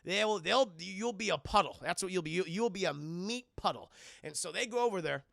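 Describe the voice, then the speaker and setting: Gravelly high-voiced man recapping a movie. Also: fairly quick, no echo, studio quality. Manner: profane, animated, acts out characters' lines. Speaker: streamer and film reviewer. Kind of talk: casual livestream movie recap to chat.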